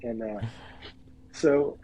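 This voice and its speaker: A middle-aged man on a podcast tells a hunting story in a casual, animated way, acting out what each person said. His voice is mellow and dark, with a husky edge. He keeps filling his sentences with "like" as he goes. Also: mid-range voice, very slow, poor audio. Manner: animated storyteller, acts out quotes, heavy use of "like". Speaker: podcast guest.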